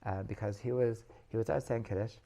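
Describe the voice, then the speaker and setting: A man's voice: lowish voice, steady tone, fairly quick, gravelly, dark tone. A male rabbi telling stories in a class, rambling, restarting phrases and laughing at his own tales. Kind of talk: storytelling Torah class.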